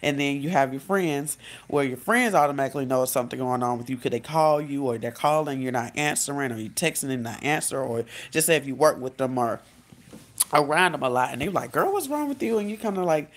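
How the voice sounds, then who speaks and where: A woman life coach giving casual advice in a vlog, talking directly to her viewers in a relaxed, conversational way. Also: extremely low pitch, brisk. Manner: conversational, speaks straight to viewers, acts out quotes.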